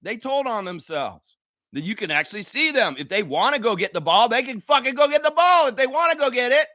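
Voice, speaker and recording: A man's voice: very high-pitched, very animated, a little fast, bright, forceful tone, no echo, clean studio sound. A man hosting a live basketball reaction show, ranting heatedly and profanely at the players. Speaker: sports reaction host.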